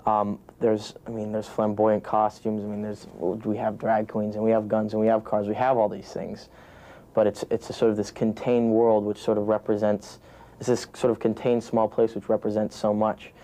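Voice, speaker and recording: Brief: young American man, low, dark and monotone, rambling junket answers. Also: moderate pace. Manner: rambling, many restarts and "you know" fillers. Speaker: actor being interviewed. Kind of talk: press junket interview.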